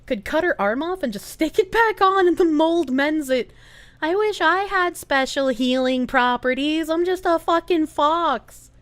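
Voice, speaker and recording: A high-pitched woman streaming live, chatting casually with her viewers and reading their comments out loud. She swoops all over her range, breaks into giggles and swears freely. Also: a little slow. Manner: animated, giggly, swears freely, reads chat aloud.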